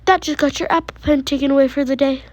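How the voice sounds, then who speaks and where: A woman's voice: high-pitched, steady tone, quick pace, a little mellow, natural voice, low-quality recording. A female speaker voicing a strict mother who scolds her children in a toy-game role-play, with a stern, scolding manner.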